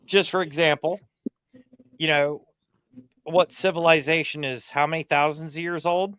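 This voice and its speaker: Rambling, profane man, crisp dry sound. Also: fairly high pitch, fairly even intonation, moderate pace, a bit bright, no room sound. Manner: rambling, profane, puts on goofy alien voices mid-story. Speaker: stream host. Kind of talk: casual chat.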